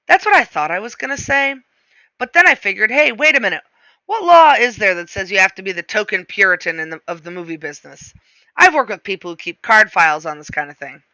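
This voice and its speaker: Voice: medium pitch, big pitch swings, a little fast, pushed and bright, dry recording. A reader narrating a novel aloud in the first person, with a wry, self-mocking delivery.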